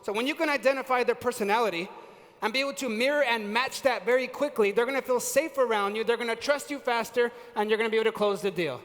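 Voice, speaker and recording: Guy with a high voice running a pumped-up sales seminar, keeps asking the crowd stuff, long hall echo. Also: quick pace. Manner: energetic, quizzes the audience, casual slang. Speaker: sales and leadership trainer. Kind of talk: live motivational seminar talk. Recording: reverberant hall.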